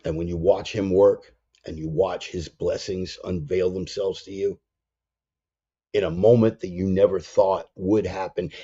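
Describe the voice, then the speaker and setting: A man's voice: low-pitched, dark tone, slightly rough. A man hosting a casual spoken sermon, blunt and slangy, drawing out phrases for emphasis. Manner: emphatic, drawls some phrases. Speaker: preacher and show host. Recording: dull lo-fi sound.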